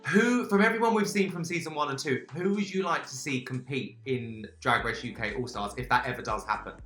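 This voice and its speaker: A man interviewing a guest, putting his questions in a measured, complimentary way. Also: medium pitch, fairly bright tone, roomy sound, soft background music.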